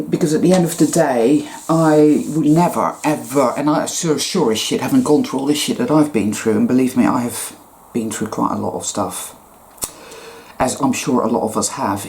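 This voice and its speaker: A woman's voice: extremely low pitch, mellow, slight background noise. A woman giving a casual monologue as a spiritual vlogger, blunt, profane and sarcastic.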